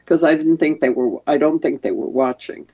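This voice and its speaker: A woman's voice: sits low, normal speed, warm tone, breathy edge. An older woman, an actress, chatting as an interview guest, rambling with many restarts. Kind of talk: casual interview chat.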